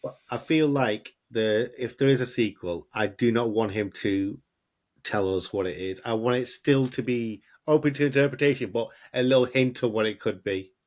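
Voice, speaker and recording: A man's voice: mid-range voice, moderate pace. A man co-hosting a film review podcast, mostly chiming in briefly and agreeably in casual chat. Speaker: podcast co-host.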